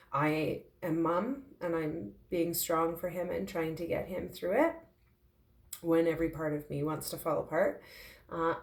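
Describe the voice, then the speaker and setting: Emotional woman, low gravelly voice, heartfelt and halting confessional vlog, echoey room sound. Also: darkish tone. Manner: heartfelt, halting, with frequent fillers. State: tearful, emotional. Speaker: intuitive medium sharing her grief.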